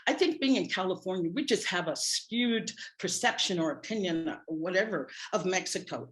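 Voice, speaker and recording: Woman telling a lively story to a congregation. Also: mid-range voice. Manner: animated, wry storyteller. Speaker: spiritual practitioner.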